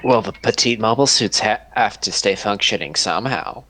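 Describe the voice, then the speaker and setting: A man playing a tabletop game, speaking dryly and matter-of-factly in a gravelly voice. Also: fairly low pitch, brisk, bright, forceful tone, low-quality recording. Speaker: tabletop player.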